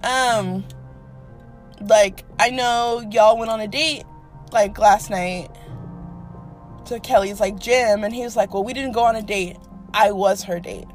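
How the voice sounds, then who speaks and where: A woman's voice: medium pitch, a little slow, long pauses, faint music behind. A young woman hosting a podcast, telling a dating story in a casual, profane, dramatic way. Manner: animated, profane, dramatic with quoted asides. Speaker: podcast host.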